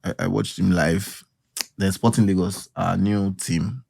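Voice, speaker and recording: A man's voice: low voice, fairly even intonation, unhurried, creaky, a little mellow, slightly rough, no echo, studio quality. A Nigerian man hosting a podcast, telling laughing stories in casual banter mixed with pidgin. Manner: laughing storyteller mixing pidgin.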